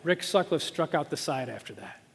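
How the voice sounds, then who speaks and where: High-voiced male pastor preaching. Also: normal speed, creaky, slightly rough, big-room sound. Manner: storytelling, lively, with fillers. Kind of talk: sermon.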